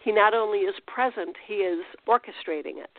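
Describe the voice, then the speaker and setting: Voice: medium pitch, a little fast, dry recording. Tinny phone-like spiritual teacher. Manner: conversational, restarts and rhetorical questions. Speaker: Christian teacher. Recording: tinny phone-like dry sound.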